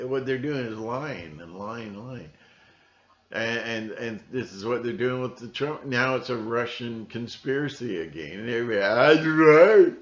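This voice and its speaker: A man with a lowish voice rambles through a vlog monologue, stopping and restarting often in a conspiratorial way. He is recorded at home, and the sound is roomy and somewhat dull, with a lo-fi edge. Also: a bit bright. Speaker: vlogger.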